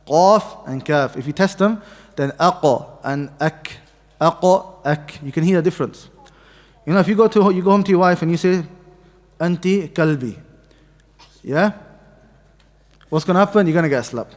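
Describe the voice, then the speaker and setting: Man teaching in a reverberant mosque hall. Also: a little high. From Pakistani heritage. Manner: patient, repeats letters for students to copy. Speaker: tajweed teacher. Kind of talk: mosque class lesson.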